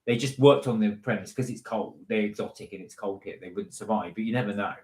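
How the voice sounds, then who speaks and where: A man's voice: on the low side, fast talker, a little mellow. A man co-hosting a casual live stream, chatting playfully and reading viewer comments aloud. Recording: echoey room.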